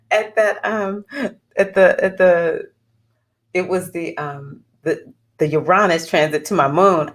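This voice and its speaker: Lady astrologer vlogging, chatty and excitable, kinda low voice. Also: slow pace. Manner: chatty and animated, with bursts of excitement. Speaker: astrologer giving readings. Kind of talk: casual talking-head vlog.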